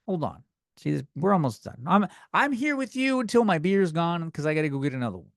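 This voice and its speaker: A young man delivers a comedic podcast rant, swearing freely and working himself up as he goes. His voice sits a little high. The sound is dry and close to the mic, with no room around it. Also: animated, brisk, gravelly, no echo. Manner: ranting, profane, worked-up and loud at times. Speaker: podcast host.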